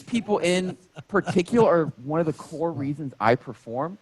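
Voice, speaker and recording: A man in his thirties, a stand-up comedian telling stories in a casual interview, animated and jokey. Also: a little high, moderate pace, rough recording. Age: 30s.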